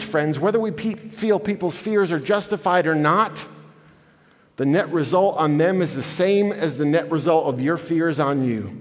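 A man giving an earnest inspirational talk as guest speaker in a church, telling stories to the audience. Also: a little high. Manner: earnest, conversational storytelling addressing the audience. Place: large church hall. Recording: echoey church hall.

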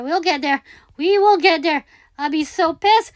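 High-voiced woman narrating her gameplay. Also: measured pace, slight background noise. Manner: talks herself through the game, repeating words and pleading with the game. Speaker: gaming video creator. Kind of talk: live gameplay commentary.

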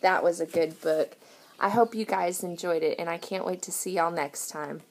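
A preschool teacher, a woman, reading a picture book aloud to young children in an animated way and asking them questions. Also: lowish voice, normal speed.

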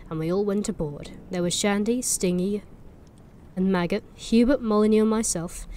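A woman reading a ghost story aloud in a relaxed way, with little apologetic asides. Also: mid-range voice, a little hiss or hum. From Norfolk, England.

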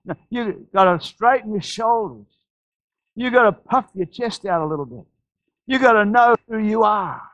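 An Australian-accented pastor preaches a sermon, urging his listeners on with repeated phrases and frequent stammering restarts. His voice is high-pitched and a bit bright at a normal speed. The recording is dry and muffled.

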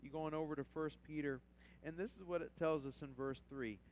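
A male pastor preaching a sermon with animated storytelling, swinging from quiet reading to loud shouts. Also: fairly high pitch, a little fast, highs cut off. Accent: Southern Indiana.

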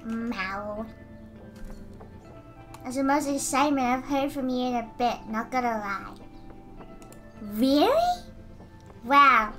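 A woman streaming casually while she draws, answering chat, giggly and given to excited squeals. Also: high-pitched. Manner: responds to chat messages.

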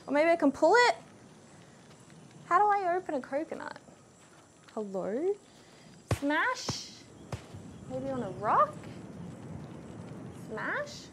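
A young woman streaming a game, commenting live in an excitable, exclaiming way with frequent laughter. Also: high-pitched, slow pace, pauses often, slight background noise. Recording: game sounds loud in the background.

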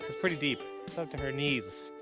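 A man, the father of a family, talking casually to a vlog camera outdoors in deep snow, proud and dryly joking. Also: loud music behind the voice. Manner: slow, proud, dry joking.

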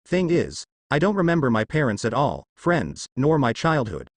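A bitter, guarded young man from a fan story, spoken by a man in his ordinary voice. The delivery is even, with an animated pitch line, and the recording is dry. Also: normal speed, no echo.

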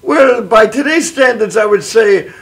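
A man's voice: high-pitched, measured pace, vocal fry, a bit bright, exaggerated voice. An improv comedian playing a broke male Irish leprechaun gambler in a put-on Irish accent, with jokey, pleading patter. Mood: joking. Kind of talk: improv sketch.

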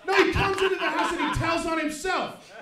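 A man in his thirties doing stand-up comedy on a club stage, swinging from low mutters to loud shouted punchlines. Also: fairly even intonation, fairly quick, a crowd in the background. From Kansas City, United States. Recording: roomy club sound.

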